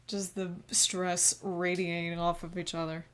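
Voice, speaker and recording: A woman's voice: on the low side, little pitch movement, unhurried. Laid-back woman streamer, self-mocking. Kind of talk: casual gameplay commentary. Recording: loud game music behind.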